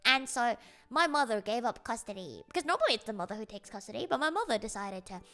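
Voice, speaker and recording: A woman's voice: fairly high pitch, big pitch swings, quick pace, bright, forceful tone. A young woman chatting casually as a streamer, rambling through a story with lots of fillers and giggles.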